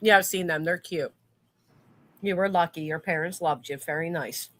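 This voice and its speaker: A woman's voice: on the low side, moderate pace, a bit bright. A woman hosting a livestream, chatting casually and swearing freely. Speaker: stream host. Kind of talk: casual chat.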